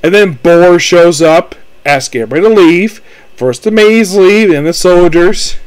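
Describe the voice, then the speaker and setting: Rambling high-voiced man reviewing anime. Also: clear, resonant tone, dry recording, rough recording. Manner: rambling, full of fillers like "basically" and "of course". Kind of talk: casual spoken review.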